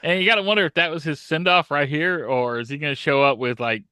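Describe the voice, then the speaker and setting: A man co-hosting a podcast, chatting in a laid-back way and dropping movie references, with a quiet chuckle now and then. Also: on the high side, quick pace, clean tone, no room sound, studio quality. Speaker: podcast co-host. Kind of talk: casual comic-book chat.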